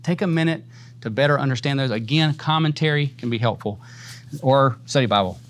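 A man's voice: mid-range voice, a little fast, fairly bright tone. A man teaching a church Bible class in a casual, conversational way, often adding "man" and "right?" and laughing easily.

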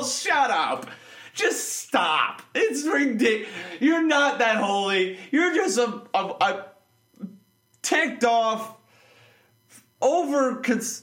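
High-voiced sarcastic man ranting. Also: fairly bright tone. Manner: sarcastic, mocking, rambling with restarts. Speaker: vlogger. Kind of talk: casual opinion rant. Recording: echoey room.

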